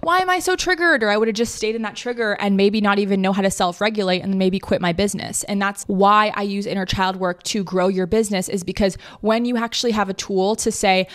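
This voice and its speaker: A woman's voice: mid-range voice, level tone, fairly quick, few pauses. A woman hosting her own podcast as a coach, talking casually with many filler words and the odd swear. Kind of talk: casual solo podcast talk.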